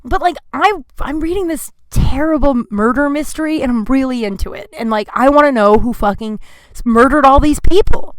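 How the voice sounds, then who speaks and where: With a high-pitched voice at a moderate pace, this woman hosts a podcast and spins a story chattily, grumbling throughout and saying "like" constantly. The recording has no echo.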